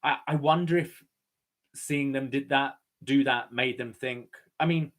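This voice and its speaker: A man's voice: medium pitch, fairly even intonation, unhurried, a bit bright. A man co-hosting a podcast, chatting about wrestling with eager asides. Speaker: podcast co-host. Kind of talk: casual wrestling recap chat.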